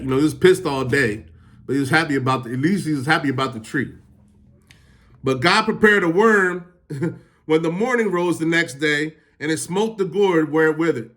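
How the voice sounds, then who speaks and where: A man's voice: mid-range voice, fairly bright tone. A man reading Bible verses aloud and retelling them in casual, slangy everyday talk. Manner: reads verses, then paraphrases them in slangy street talk. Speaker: Bible teacher. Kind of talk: casual scripture teaching.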